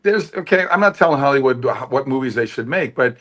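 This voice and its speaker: Speaking a little fast with a medium pitch, this middle-aged man from the United States is an interview guest who works as an actor and producer. He tells animated stories candidly, often performing the dialogue within them.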